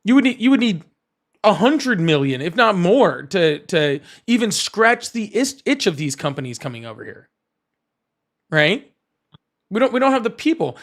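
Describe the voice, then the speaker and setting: Young guy arguing politics, blunt and sweary, voice kinda high. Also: very animated, normal speed. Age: young adult. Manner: blunt, profane, argumentative. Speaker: political show host. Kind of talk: casual political debate.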